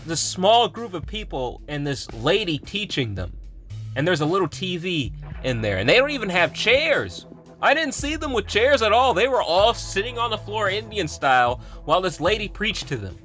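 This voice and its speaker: A man's voice: fairly high pitch, pushed and bright. A young adult man, a gaming YouTuber, telling a rambling story in a casual vlog with fillers and laughs.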